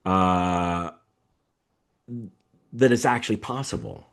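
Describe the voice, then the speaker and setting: A man's voice: low-pitched, slow pace. A middle-aged man hosting a live coaching session over a video call, talking emphatically, repeating himself, and telling stories. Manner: emphatic, repetitive, animated storytelling. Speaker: coaching host. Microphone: video call microphone.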